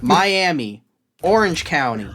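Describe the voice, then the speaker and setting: A man's voice: a little high, very animated, takes it slowly, fairly bright tone. A man co-hosting a podcast, chatting casually and rambling through a long list he is looking up. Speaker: podcast co-host. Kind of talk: casual chat.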